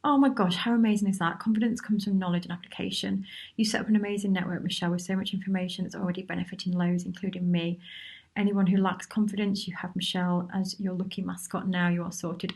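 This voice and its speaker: A woman's voice: mid-range voice, a little fast. Chatty woman hosting a live Q&A. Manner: chatty and encouraging, with many restarts and asides; reads out viewers' comments and replies to them. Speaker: workshop host answering viewer questions. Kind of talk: casual live Q&A.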